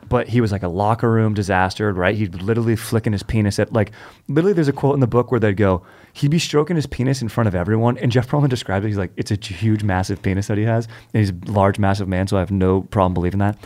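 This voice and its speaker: A man's voice: on the low side, darkish tone. A man hosting a podcast, retelling stories in a laid-back, slangy, agreeable way. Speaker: podcast host. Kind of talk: casual chat, retelling stories.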